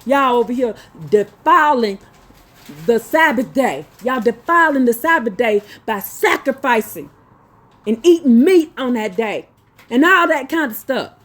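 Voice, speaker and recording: A woman's voice: fairly high pitch, expressive. Blunt, scolding woman preacher. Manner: slow deliberate reading broken by scolding rants; blunt, profane, colloquial. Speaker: religious teacher. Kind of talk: reading notes with heated asides.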